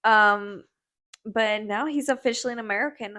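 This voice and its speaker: Co-host: young woman, bright higher pitch, rambling, laughs and swears. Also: lively intonation, unhurried. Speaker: podcast co-host. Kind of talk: casual chat.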